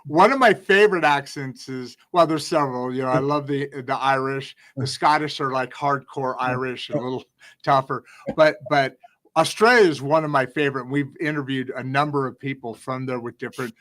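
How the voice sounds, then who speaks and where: A man's voice: mid-range voice, a little fast, a bit bright. Rambling, enthusiastic male talk show host. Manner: rambling, enthusiastic, talks with many restarts and asides. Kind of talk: casual live interview chat.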